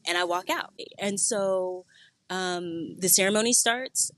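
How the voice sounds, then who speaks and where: A young woman telling a story on a podcast in casual chat, animated and swearing freely, acting out quotes. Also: lowish voice, unhurried, no echo. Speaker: guest.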